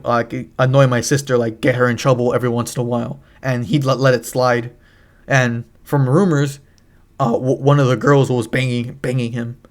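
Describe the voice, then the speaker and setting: Young man rambling, profane storytelling. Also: medium pitch. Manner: rambling, profane, frequent restarts. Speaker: gaming channel host. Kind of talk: casual storytelling over gameplay.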